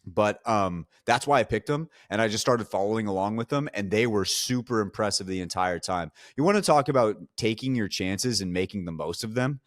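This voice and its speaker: A man co-hosting a podcast, giving casual, measured esports analysis. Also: on the low side, animated, no echo, studio quality. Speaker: podcast co-host.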